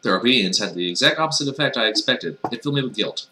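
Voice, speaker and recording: A man's voice: medium pitch, animated, fast talker, sharp tone, slight background noise. A man reading a visual novel aloud and cracking sarcastic jokes between the lines. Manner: wry, mocking, jokey. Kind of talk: comedic reading with sarcastic asides.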